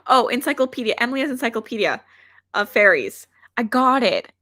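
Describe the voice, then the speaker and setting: A woman's voice: a little high, very animated, a little fast, pushed and bright, no echo, clean studio sound. Chatty woman hosting a reading livestream. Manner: chatty, rambling with frequent "like" fillers; self-deprecating. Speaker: booktuber hosting reading sprints. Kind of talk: casual livestream chat, reading out viewer comments.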